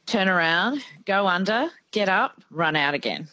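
A woman with an Australian accent hosting a radio show, chatting excitably and quickly, laughing often. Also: mid-range voice, no echo, highs cut off. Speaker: radio host. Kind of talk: casual radio chat. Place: radio studio.

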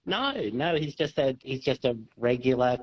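Husky man on a dull line. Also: medium pitch, normal speed. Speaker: radio guest. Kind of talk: casual radio chat.

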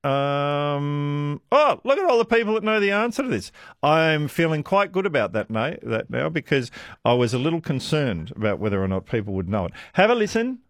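Lively-voiced radio quiz host. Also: male voice, on the high side, normal speed, no echo, clean studio sound. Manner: chatty, self-deprecating, laughs often. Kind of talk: casual radio quiz chat with callers. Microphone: studio microphone.

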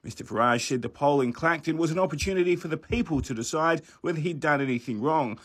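A man reading a scripted radio news bulletin in a measured, formal way. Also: a little high, a bit bright, breathy edge. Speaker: newsreader.

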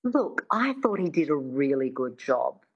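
A woman's voice: extremely low pitch, very animated, a little slow, breathy edge. A woman dialect coach being interviewed on the radio, explaining thoughtfully with frequent restarts. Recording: dull, muffled line.

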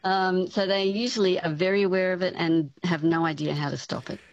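A woman's voice: fairly low pitch, steady tone, a little fast, no echo. Chatty woman explaining on a dull line. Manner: explanatory, chatty, many fillers. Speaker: speech pathology professor. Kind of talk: radio interview guest.

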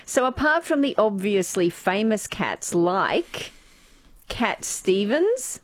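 A playful woman in her forties co-hosting a radio show. Her mid-pitched voice comes through close and dry, with no room around it. She giggles easily and reads out listener messages. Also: very animated, takes it slowly, dry recording. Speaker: radio co-host. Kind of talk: casual chat.

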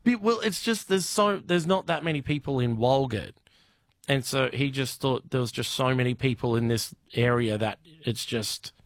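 Australian comedian guy, rambly halting storyteller, dry close sound. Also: medium pitch, dry recording. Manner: rambling, halting with many restarts. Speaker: comedian guest. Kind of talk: casual anecdote telling.

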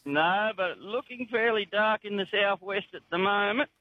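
A man with a broad rural Australian accent drawls easily through a radio phone call, his voice sitting high. The line is dry and dull, with a muffled lo-fi sound. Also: moderate pace, no room sound. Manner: laconic, drawling, says mate a lot. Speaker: caller. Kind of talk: casual radio phone chat.

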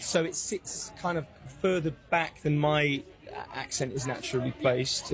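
A man in a played interview clip talks at a middle pitch, candid and easygoing. He speaks as an actor describing his craft.

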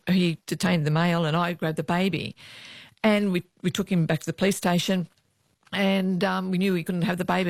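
Casting: woman, ex-cop guest, anecdotal and lively, dry close sound. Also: medium pitch, no echo. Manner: lively anecdotal, acts out voices in quotes. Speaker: former police officer, guest. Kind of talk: storytelling interview.

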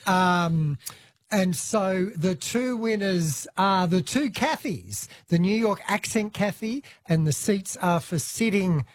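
Male radio host, high voice, playful teasing banter. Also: animated, takes it slowly. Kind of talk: casual radio chat.

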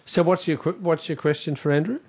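An Australian man hosting a radio talkback show, brisk and chatty as he takes callers. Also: on the high side, slightly rough. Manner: brisk, chatty, reads out the phone number. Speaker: radio host.

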